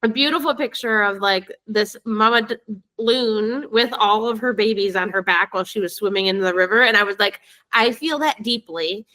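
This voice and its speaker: A woman's voice: mid-range voice, moderate pace, bright, forceful tone. A woman co-hosting a podcast in casual chat, talkative, laughing easily and swearing now and then. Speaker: podcast co-host.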